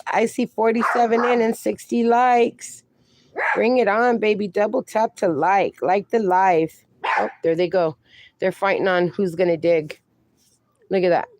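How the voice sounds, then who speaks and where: Affectionate woman livestream host, mid-pitched voice, dry close sound, calls everyone darling. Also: darkish tone, no room sound. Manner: chatty, affectionate, calls viewers darling and honey. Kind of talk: casual livestream chat, reading chat aloud.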